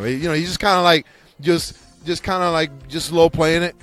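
A man's voice: a little high, normal speed, a bit bright. Rambling, foul-mouthed male podcast host. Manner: rambling, profane, restarts often. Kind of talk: casual ranting chat.

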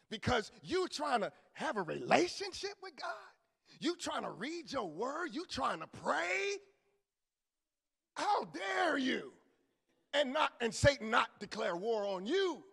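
High-pitched animated preaching man in a reverberant church. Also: vocal fry, slightly rough. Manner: swings from low murmurs to shouted peaks, call-and-response; colloquial preaching with church asides. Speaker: pastor. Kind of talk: sermon. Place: church sanctuary. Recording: long reverb of a church hall.

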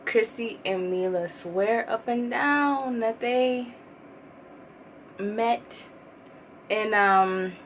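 A woman hosting a reaction channel, talking in an excited, casual way. She repeats herself and swears freely. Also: on the high side, extremely slow, pauses often, a little hiss or hum. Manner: gushing, repetitive and profane. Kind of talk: excited casual vlog talk.

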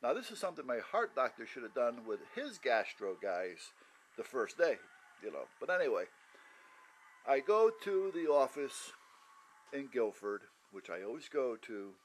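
A man's voice: medium pitch, big pitch swings, a little slow, slight background noise, poor audio. A man casually telling a personal story in a blunt way, cursing freely and acting out the dialogue. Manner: blunt, swears freely, acts out quoted dialogue. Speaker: vlogger recounting his heart attack.

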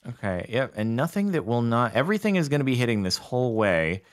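A man's voice: medium pitch, quick pace. A man talking through a multiplayer strategy game with a friend, dry and sarcastic. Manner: relaxed, dry sarcastic banter. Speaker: gaming co-host. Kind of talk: casual gaming chat.

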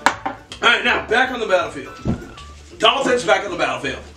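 High animated man telling history. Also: moderate pace, distant mic. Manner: profane, animated, vivid storytelling. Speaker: history podcast co-host. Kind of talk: casual storytelling chat. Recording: echoey room, off-mic, faint music.

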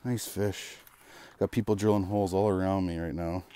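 A man giving excitable live commentary while ice fishing from a shelter on a frozen lake, with bursts of cheering and repeated exclamations. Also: sits low, normal speed, smooth, no room sound. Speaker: fishing vlogger.

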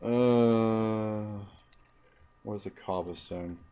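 A man's voice: fairly low pitch, fairly even intonation, extremely slow, warm tone, clean tone. A young man commentating his own video game playthrough, muttering, frustrated and swearing constantly. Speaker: gaming channel host. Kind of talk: let's play commentary.

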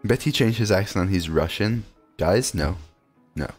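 A man's voice: on the low side, normal speed, breathy edge, soft background music. A man streaming a card game, chatting casually and reading viewer messages aloud between plays. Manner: casual, chatty, reads chat aloud and answers it.

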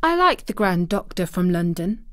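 A woman's voice: on the low side, sing-song, normal speed, a bit bright, no echo, studio quality. Mary, a blunt little girl, read by a woman. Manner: blunt, contrary, eager when describing the moor.

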